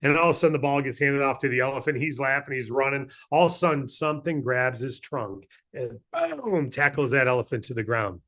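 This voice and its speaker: A man running a business training call, speaking in an energetic, persuasive way and telling a fable. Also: medium pitch, brisk, few pauses. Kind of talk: motivational training talk with a fable.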